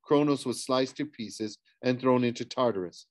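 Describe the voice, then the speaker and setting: A man's voice: mid-range voice, moderate pace, no echo, close to an everyday voice. A man reading the lines of a stern, formal teenage huntress in an audiobook, grim in manner. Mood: grave.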